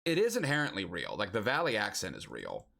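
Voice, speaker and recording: A man's voice: sits low, huge pitch swings, brisk, vocal fry, sharp tone. A young man streaming a geography guessing game, chatting casually and musing aloud as he guesses locations.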